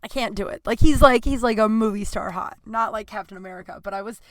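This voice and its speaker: A woman's voice: mid-range voice, fast, no echo. A woman comedian hosting her podcast, telling blunt, profane personal stories and acting out both sides of conversations.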